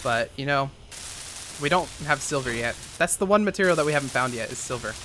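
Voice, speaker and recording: A man's voice: mid-range voice, expressive, a little fast, noisy background. A young man giving casual, rambling commentary while playing a game, thinking aloud with lots of fillers. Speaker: gaming YouTuber.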